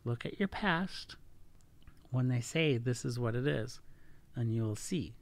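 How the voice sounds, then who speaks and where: A man's voice: medium pitch, animated, measured pace. A middle-aged man hosting a casual solo podcast, talking earnestly and often correcting himself mid-sentence. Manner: earnest, self-correcting, stumbles over words. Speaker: podcast host.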